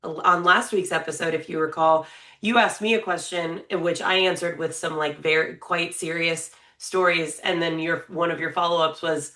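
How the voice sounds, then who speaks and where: A woman in her thirties talks with a lowish voice, loose and conversational. She is playful and quick to laugh as she co-hosts a casual podcast chat. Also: steady tone, bright, forceful tone. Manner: chatty, playful, laughs often. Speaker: podcast co-host.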